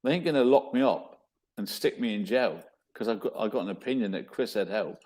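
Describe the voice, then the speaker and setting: A man's voice: on the low side, animated, a little fast, a little mellow. A man hosting a livestream, speaking bluntly and dismissively. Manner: blunt and dismissive, casual ain't. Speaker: livestream host. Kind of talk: livestream chat.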